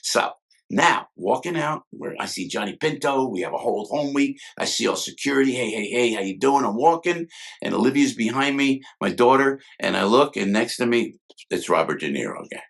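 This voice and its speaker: An older man, a guest, telling stories in an animated way and acting out quotes, with many quick restarts. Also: lowish voice, vocal fry, slightly rough. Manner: talks fast with many restarts and acted-out quotes. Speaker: guest, former sketch comedy cast member. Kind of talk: animated storytelling with impressions.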